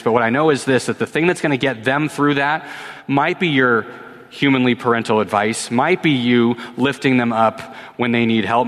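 A man, a pastor in his thirties, preaching and answering questions in a relaxed, conversational way, often repeating a word as he starts a sentence. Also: medium pitch. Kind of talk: sermon with Q&A. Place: church sanctuary. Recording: long reverb of a church hall.

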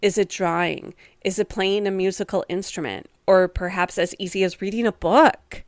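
A woman's voice: medium pitch, moderate pace, dry recording, clean studio sound. A woman hosting a solo wellness podcast, talking in an upbeat, encouraging, chatty way with casual fillers. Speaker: podcast host and wellness coach.

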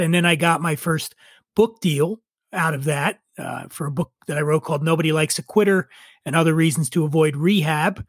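A middle-aged man, a drinks writer and drinking-show host, telling his story in a casual interview, animated, swearing freely and laughing at himself. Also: a little high, gravelly, husky, no room sound, studio quality.

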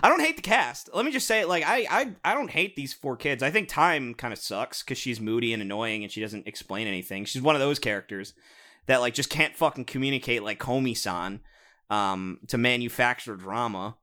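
With a medium-pitched, bright voice and a forceful tone, this young man delivers an animated, brisk comedic rant. He's a podcast co-host reviewing cartoons, sarcastic and full of swearing in a casual style.

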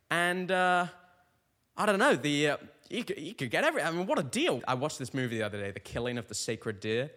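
Rambling young comedian, slightly high voice. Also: male voice. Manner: deadpan, meandering, trails off and restarts mid-thought. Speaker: stand-up comedian, podcast host. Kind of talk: rambling comic monologue.

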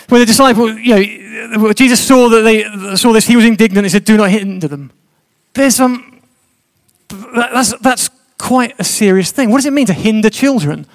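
A man's voice: sits high, animated, normal speed, creaky. A man preaching a sermon, chatty and joking with his congregation.

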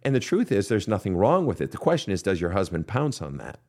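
A man's voice: fairly low pitch, very animated, quick pace, darkish tone. A man hosting a counseling podcast, answering listener questions in a blunt, profane, direct manner. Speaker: counselor and show host.

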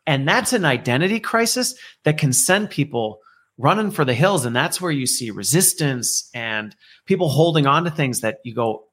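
A man's voice: mid-range voice, animated, moderate pace, a bit bright, husky. A man interviewed as a guest, speaking conversationally and reflectively, explaining his ideas through analogies and acted-out quotes. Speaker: guest, learning executive.

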